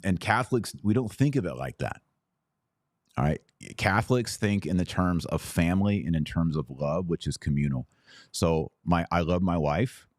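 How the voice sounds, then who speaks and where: Hosting a casual commentary podcast, a man in his forties speaks with a very low, deep, darkish voice. The room is dry and close with no echo, and he talks earnestly and personally, pressing hard on points he cares about.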